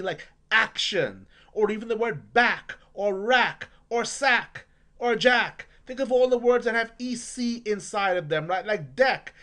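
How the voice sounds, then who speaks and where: Upbeat high-voiced woman reading coach. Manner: upbeat, exaggerated sounding-out of syllables. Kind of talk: parent tips video lesson.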